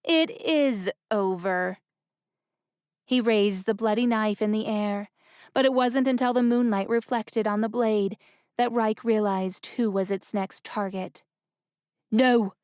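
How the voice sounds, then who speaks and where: A woman narrates a fantasy novel at a steady, even pace. Her voice is smooth and resonant at a middle pitch. The recording is dry and close, with no room sound. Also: no echo. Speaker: audiobook narrator. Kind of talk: scripted narration.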